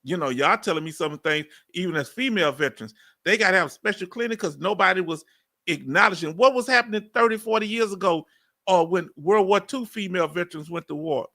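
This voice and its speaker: High-pitched and fast-talking, this veteran's voice is bright and forceful. He's a Texas man in his fifties with a Southern accent who hosts a casual stream, chatting, laughing often, and reading viewer comments aloud between drawling asides.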